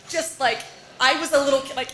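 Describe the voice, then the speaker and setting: A woman with a high, bright voice tells a story on stage, animated and quick to laugh as she plays out the lines of her relatives. She sounds roomy and echoey, with faint live ambience behind her. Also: a little hiss or hum. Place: bar or small venue with audience.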